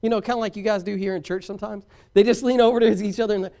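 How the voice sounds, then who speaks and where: A man preaching a sermon as pastor, swinging from shouted points to hushed asides and talking directly to his congregation. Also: high-pitched, steady tone, rapid-fire, clean tone.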